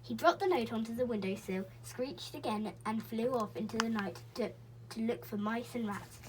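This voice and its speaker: A woman reading a children's book aloud in a gentle, expressive way, with small slips and restarts. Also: a little high, normal speed, poor audio. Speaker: reader.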